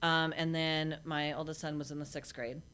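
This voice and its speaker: A woman as an interview guest, telling a personal story in a blunt, matter-of-fact way with halting restarts. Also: deep voice, little pitch movement, fairly bright tone, clear, resonant tone. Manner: halting, with many restarts and fillers.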